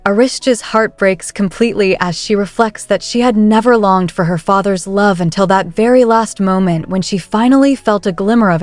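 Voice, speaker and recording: A woman's voice: mid-range voice, no echo. A woman narrating a story recap in a scripted style, reading the characters' dialogue in her own voice. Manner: reads every character's lines in her own voice.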